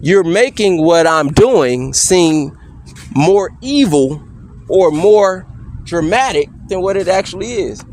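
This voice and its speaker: A man cross-examining a police officer, firing off measured, insistent leading questions and tagging many with "correct?". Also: high-pitched, animated, a little mellow. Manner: pointed leading questions, repeatedly asking "correct?". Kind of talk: courtroom-style cross-examination.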